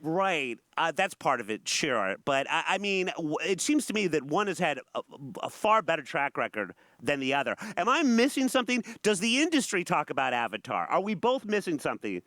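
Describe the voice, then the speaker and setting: Male co-host, casual chat with wry jokes, bright tone. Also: on the high side, brisk, few pauses, dry recording. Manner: wry, joking, animated delivery. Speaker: co-host of a morning talk show. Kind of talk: casual chat, reading a news article aloud.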